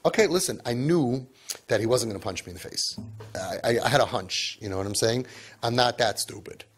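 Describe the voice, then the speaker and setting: Parenting speaker, male, husky voice, emphatic lecture with frequent "right?" asides and big swings in pitch. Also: a little fast. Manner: mixes Yiddish and Hebrew words into English.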